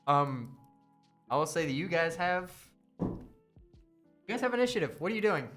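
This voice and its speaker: A man's voice: a little high, sing-song, normal speed, a bit bright, faint music behind. A man narrating as game master in a casual tabletop session, swearing and laughing often.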